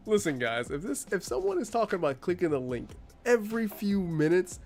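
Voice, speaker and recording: A man's voice: a little high, very animated, quick pace, hardly any pauses, a little mellow, faint music behind. A man hosting a reaction video, commenting in a sarcastic, exasperated way.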